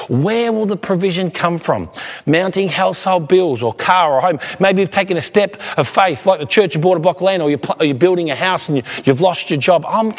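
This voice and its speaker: An Australian man preaching a sermon, earnest and encouraging, with frequent restarts. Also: a little high. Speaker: pastor. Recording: long hall reverb.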